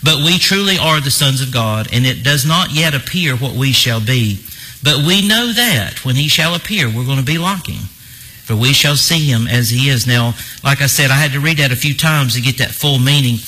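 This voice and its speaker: Bright, husky-voiced male preacher. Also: medium pitch, animated, normal speed, poor audio. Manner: emphatic, repeats phrases for effect. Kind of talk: sermon. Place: church.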